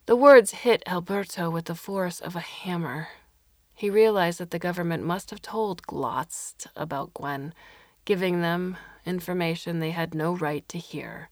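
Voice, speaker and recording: A woman narrates a story in a fairly low voice. Her reading is expressive, and she slips into voices for the characters. The sound is dry and close, with no room echo. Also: a little slow. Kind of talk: audiobook narration.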